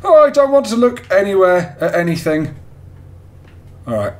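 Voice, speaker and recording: A man's voice: sits high, big pitch swings, moderate pace, a little hiss or hum. A man commentating his horror game play, jumpy, swearing, yelping and pleading with the game. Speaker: gamer playing a horror game. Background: game music.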